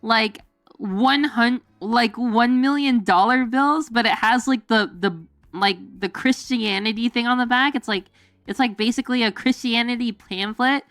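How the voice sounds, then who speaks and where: A woman's voice: a little high, measured pace, fairly bright tone, no room sound. A woman streamer chatting casually with her viewers, rambling with lots of fillers, giggling, and jumping into goofy quoted voices. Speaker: VTuber streamer. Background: faint background music.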